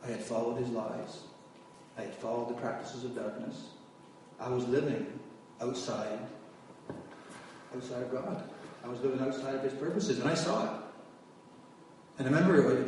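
A man's voice: medium pitch, fairly quick, darkish tone, a little hiss or hum. A man giving his testimony as a sermon, telling his story and raising his voice at its peaks. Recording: echoey hall from far off.

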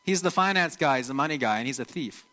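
A man's voice: mid-range voice, fast talker, poor audio. A man preaching a sermon in a casual, conversational way, acting out quotes from the stories he tells. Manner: conversational, animated, acts out quotes.

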